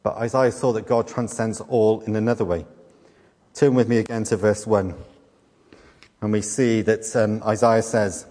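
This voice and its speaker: Pastor preaching in a reverberant hall. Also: male voice, on the low side, steady tone, a little mellow. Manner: teaching with rhetorical questions and deliberate repetition. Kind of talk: sermon.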